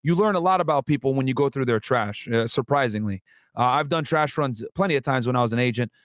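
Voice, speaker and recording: A man's voice: medium pitch, fast talker, dry recording, clean studio sound. A man, a former federal agent, giving casual, profane, joking commentary on a documentary.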